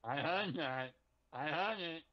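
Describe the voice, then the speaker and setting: A man's voice: on the high side, lively intonation, slow. A man co-hosting a casual show, chiming in with short goofy quips. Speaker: co-host. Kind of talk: casual chat. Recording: dull lo-fi mic.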